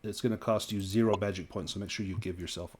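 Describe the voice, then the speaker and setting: Low-voiced man running a horror game. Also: fairly even intonation, fast, crowd noise. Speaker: game master. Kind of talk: narrating a tabletop horror game.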